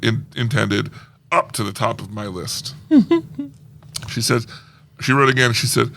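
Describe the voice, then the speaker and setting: Lively gravelly man reading emails. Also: mid-range voice. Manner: reads listener emails aloud, playful. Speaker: podcast co-host. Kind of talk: casual chat.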